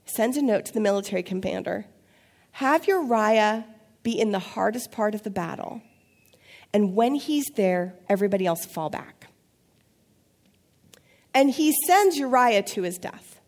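A woman pastor, preaching a sermon with lively storytelling, playful asides and acted-out voices. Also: mid-range voice, unhurried, pauses often.

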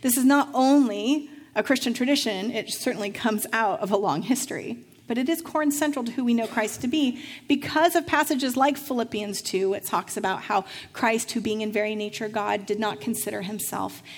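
A middle-aged woman pastor delivering a sermon, telling a lively personal story and acting out the voices of the people in it. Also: a little high, moderate pace. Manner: storytelling, acts out voices in anecdotes.

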